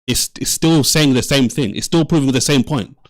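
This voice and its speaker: A man's voice: mid-range voice, moderate pace, no room sound, clean studio sound. A man hosting a live debate stream, arguing heatedly and often repeating himself as he talks over the other speaker. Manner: interrupts, repeats himself insistently. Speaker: livestream debate host.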